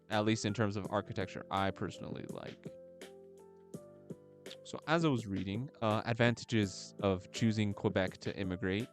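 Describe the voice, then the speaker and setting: A man from the United States chatting casually while streaming a game, joking around and fumbling as he reads aloud. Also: fairly low pitch. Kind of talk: casual chat while gaming. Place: at home, gaming live. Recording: music playing faintly behind.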